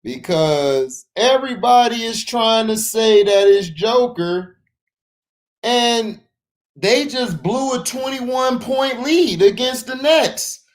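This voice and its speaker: A man hosting a casual sports livestream, breaking into loud shout-outs to his chat viewers. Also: very high voice, animated, takes it slowly. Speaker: sports talk livestream host.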